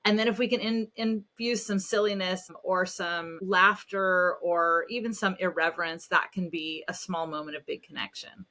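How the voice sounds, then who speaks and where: Bright-voiced woman telling parenting stories. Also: on the low side, moderate pace, few pauses. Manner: animated storytelling, self-deprecating. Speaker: podcast guest, parenting expert. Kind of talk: casual podcast conversation.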